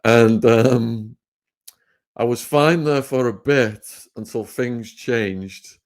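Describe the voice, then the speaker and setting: An English man telling vivid stories as an interview guest, animated and often laughing. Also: medium pitch, takes it slowly. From England. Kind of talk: storytelling interview.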